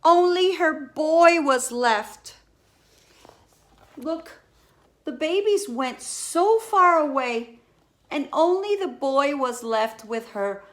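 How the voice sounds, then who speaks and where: A woman reading a picture book aloud in a slow, expressive way, with many exclamations. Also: high voice. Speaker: storyteller.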